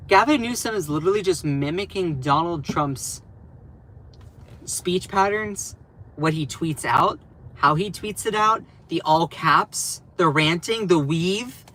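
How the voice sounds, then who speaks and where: A man hosting a political commentary live stream, animated and sarcastic, laughing often as he talks. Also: high-pitched, unhurried, low-quality recording.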